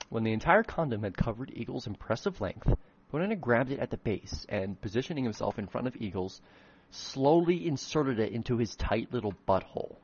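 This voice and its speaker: A man's voice: medium pitch, very animated, brisk, husky, highs cut off. A man reading his own old fan fiction aloud in a comedic dramatic reading, breaking off for self-mocking, swearing asides.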